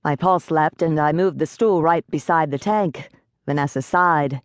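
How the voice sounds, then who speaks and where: Low-voiced woman narrating an audiobook. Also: moderate pace, no room sound, clean studio sound. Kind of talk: first-person audiobook narration.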